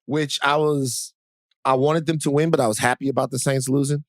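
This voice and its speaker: A man's voice: mid-range voice, steady tone, brisk, no echo, studio quality. A middle-aged man co-hosting a podcast, talking in casual chat that rambles, full of restarts and "you know"s. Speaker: podcast co-host.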